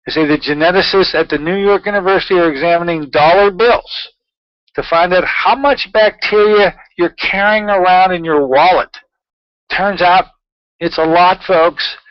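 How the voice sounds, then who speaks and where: Chatty male talk-show host, slightly high. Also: moderate pace, no room sound, lo-fi sound. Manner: chatty, rambling, with frequent fillers. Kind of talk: casual talk-show monologue.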